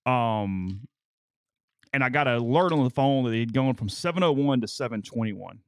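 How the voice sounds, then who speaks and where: A man's voice: mid-range voice, lively intonation, normal speed, smooth, no echo. A male co-host in a casual chat, telling long stories and stammering on repeated words.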